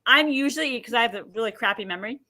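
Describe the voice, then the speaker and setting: Racing along in a fairly high voice, a woman emotion healer tells personal stories on a podcast. She's an animated storyteller, acting out the things people said.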